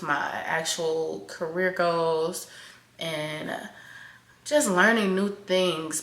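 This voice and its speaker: A young woman venting candidly to camera in a home vlog, swearing freely and swinging between loud outbursts and soft, quiet admissions. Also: fairly low pitch. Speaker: vlogger. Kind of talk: raw confessional venting to camera. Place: home kitchen, in doors. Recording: echoey room.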